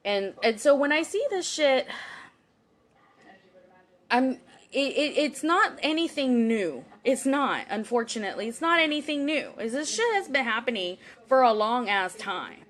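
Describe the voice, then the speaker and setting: A woman's voice: high-pitched, very animated, measured pace, fairly bright tone. A woman in her forties tells a personal story on a livestream, rambling and emotional, with many fillers and frequent swearing. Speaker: spiritual reader hosting a live stream. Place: home, livestream. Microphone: phone or webcam.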